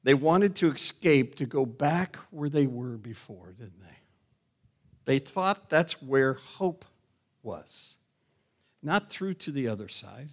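A middle-aged man preaching a sermon as pastor, asking the congregation questions and rising to loud, emphatic calls. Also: mid-range voice, lively intonation, slow pace, long pauses.

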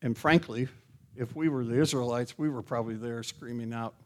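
A middle-aged man preaching a sermon as pastor, asking the congregation questions and rising to loud, emphatic calls. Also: mid-range voice, fairly quick.

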